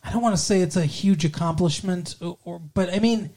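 A man's voice: sits high, brisk, warm tone. Man, podcast co-host, casual film chat, rambling, swears casually. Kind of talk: casual movie review chat.

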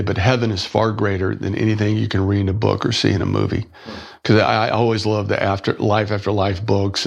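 Telling a personal story as a podcast guest, a middle-aged man stops and restarts his words and voices the people he quotes. His voice is lowish and creaky.

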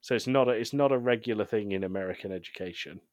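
A man co-hosting a podcast, casually recapping a TV episode with frequent ums and quick laughs. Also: fairly low pitch, darkish tone, no room sound. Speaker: podcast co-host.

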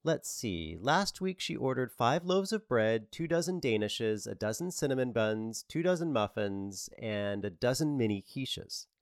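A man's voice: medium pitch, animated, measured pace, few pauses, smooth, no room sound, studio quality, voice pushed up. A man voicing a sweet, polite teenage girl answering the phone at a bakery, in an audiobook. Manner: polite and helpful.

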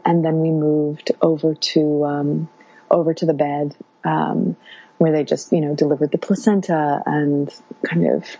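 A woman's voice: low-pitched, warm tone, breathy edge, dry recording. A woman in her thirties casually recounting a personal story in an interview, meandering with many fillers. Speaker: guest sharing birth story. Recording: dull lo-fi sound.

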